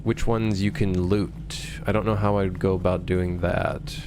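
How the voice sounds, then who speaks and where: Low-voiced man chatting on a dev stream. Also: little pitch movement, noisy background. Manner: loose and halting, many fillers, reads chat aloud. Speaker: game developer streaming. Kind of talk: casual livestream chat reading viewer comments.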